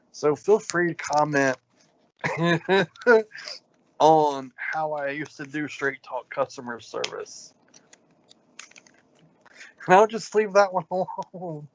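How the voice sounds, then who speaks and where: A man's voice: a little high, slow, pauses often. A man, co-hosting a casual podcast, telling rambling stories full of ums. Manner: rambling, animated storyteller with lots of ums. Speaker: podcast co-host. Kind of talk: casual chat, storytelling rants. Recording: dull, lo-fi sound.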